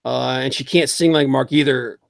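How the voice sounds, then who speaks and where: A man hosting a casual livestream talk show, animated and opinionated, reading chat comments aloud. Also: mid-range voice, normal speed, vocal fry, dry recording, studio quality. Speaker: podcast host.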